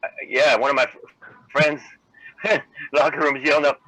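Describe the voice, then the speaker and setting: A man, a wrestler guest on a radio panel, telling a story in a relaxed, amused way. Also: fairly high pitch, fast talker, pauses often, a little hiss or hum, rough recording.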